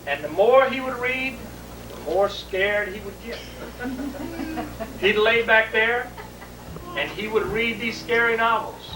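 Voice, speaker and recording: A man telling a comic family story to a live audience, animated and repetitive. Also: sits high. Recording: echoey room, distant mic, noisy.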